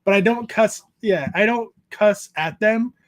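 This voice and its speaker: A man in his thirties with a fairly high voice hosts a casual creator chat. He talks in a laid-back way, swears freely and laughs often as he tells stories about home. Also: unhurried. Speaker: podcast host interviewing a YouTuber.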